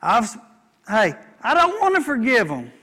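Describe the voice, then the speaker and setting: A man's voice: very high voice, huge pitch swings, a little slow, sharp tone, breathy edge. A man preaching a sermon, folksy, repeating lines and calling for amens. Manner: folksy, repeats himself, asks the congregation for amens. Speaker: pastor.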